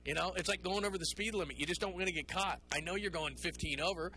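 A sports radio host, a man with a high voice and a bright, forceful tone. He talks in an animated, rambling way and takes calls. He often drops into mocking put-on voices. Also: quick pace, a little hiss or hum, low-quality recording. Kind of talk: call-in sports talk.

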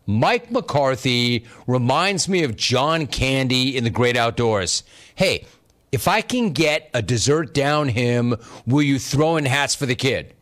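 A man's voice: mid-range voice, expressive, takes it slowly, fairly bright tone. A man hosting a sports talk show, talking casually and sarcastically, often breaking into laughter while reading chat. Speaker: sports talk radio host.

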